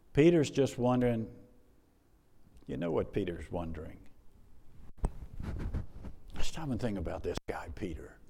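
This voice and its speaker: Emphatic male pastor in an echoing hall. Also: medium pitch. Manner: animated, emphatic, conversational with asides and repetition. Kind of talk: sermon.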